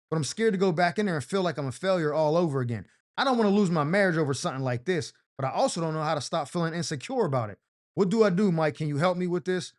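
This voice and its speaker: A man hosting a comedic advice show, reading letters aloud and answering them in a loose, slangy storytelling style, acting out the quoted voices. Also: high voice.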